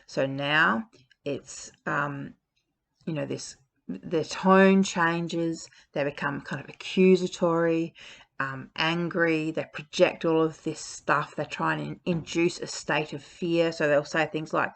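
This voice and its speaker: A woman's voice: deep voice, fairly even intonation, slow, gravelly. A woman giving frank relationship advice in a casual talk, speaking bluntly with frequent fillers.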